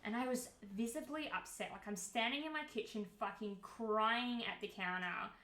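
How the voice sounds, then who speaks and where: A woman streamer talking straight to her chat in a bright, clear voice, blunt and unfiltered, with swearing dropped in freely. Her voice sits at an ordinary middle pitch. The room around her gives it a noticeable echo. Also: moderate pace. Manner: candid and heated, swears freely. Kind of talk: casual livestream chat. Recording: roomy echo.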